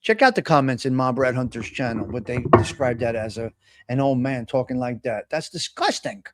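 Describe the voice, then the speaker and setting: A man's voice: mid-range voice, moderate pace, very noisy. A man hosting a live stream, ranting in casual, profane chatter. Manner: profane, excitable rants. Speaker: host.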